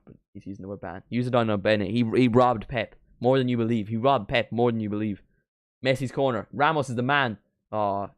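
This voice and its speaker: A young man doing a live football watchalong, reacting to the match and chatting with viewers, bursting into shouts at big moments. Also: on the low side, no echo. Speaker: watchalong streamer.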